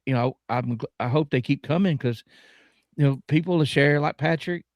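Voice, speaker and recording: A man's voice: a little high, normal speed, no echo, clean studio sound. A man with a Southern US accent, a guest in casual chat, rambling with many filler words while enunciating carefully. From American South.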